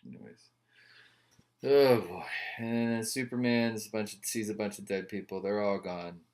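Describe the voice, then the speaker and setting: A man's voice: fairly low pitch, normal speed, darkish tone. A man reviewing comic books in casual chat, rambling with wry, joking asides.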